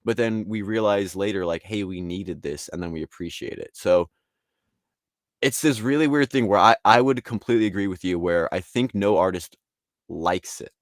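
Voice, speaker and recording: A guest artist who founded a league appears on an interview podcast, talking casually in a deep voice at a moderate pace. He rambles animatedly and acts out other people's quotes in voices, and the recording is studio quality with no echo.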